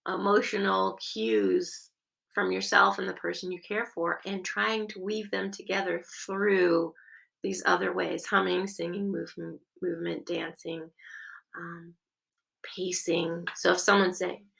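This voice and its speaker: A woman teaching a workshop on music in caregiving, speaking in a gentle, encouraging, expressive way with occasional fillers. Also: on the low side, a little slow, gravelly, low-quality recording.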